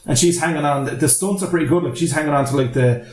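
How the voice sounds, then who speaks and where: A man's voice: on the high side, fast talker, darkish tone, echoey room. An Irish man hosting a podcast, recapping a film in a rambling, sweary, laughing way. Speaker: podcast host. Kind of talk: casual podcast movie recap.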